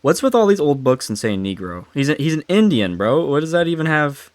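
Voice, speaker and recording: A man's voice: a little high, sing-song, fairly quick, no echo. Laid-back young man, dry close sound. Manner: laid-back, slangy, slips over words. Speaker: amateur story reader. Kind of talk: casual chat and read-aloud.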